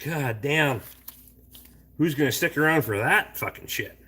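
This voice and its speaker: A man's voice: on the high side, expressive, unhurried, bright, forceful tone, slightly rough. A middle-aged man hosting a casual late-night stream, talking bluntly and swearing a lot while he rambles and answers chat. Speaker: livestream host reading chat.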